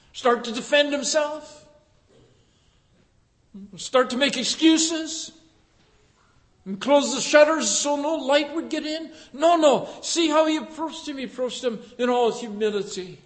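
High-voiced male preacher in an echoing hall. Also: expressive, a little slow. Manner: fervent, rising to loud emphatic passages. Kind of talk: sermon. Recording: echoey hall with long reverb.

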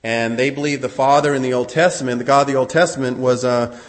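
A man's voice: mid-range voice, steady tone. Man teaching scripture in a reverberant hall. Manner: explains Greek scripture, slows to stress key words. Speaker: Bible teacher. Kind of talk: Bible teaching lecture.

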